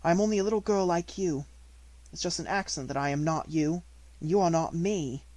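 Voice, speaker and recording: Storybook little girl, gentle and kindly, soft lilting speech, as a man reads her. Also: fairly high pitch, brisk, dry recording, voice pushed up, close to an everyday voice.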